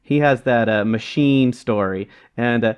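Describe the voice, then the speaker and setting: A man's voice: medium pitch, measured pace, smooth, dull audio. A man co-hosting a podcast in casual chat, rambling and hunting for words with lots of fillers. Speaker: podcast co-host.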